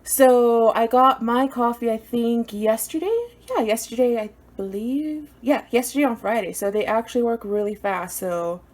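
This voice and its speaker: A woman's voice: fairly high pitch, moderate pace, few pauses, a little mellow. Woman, casual vlog, kitchen recipe talk, playful, jokey asides. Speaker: home cooking vlogger. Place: home kitchen.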